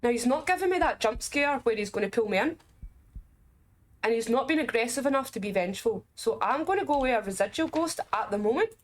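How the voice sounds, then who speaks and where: Scottish woman, game reviewer, slightly high voice, chatty commentary with jokey asides. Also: expressive, slight background noise. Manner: chatty, explaining as she plays, quick asides and jokes. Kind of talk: casual gameplay commentary.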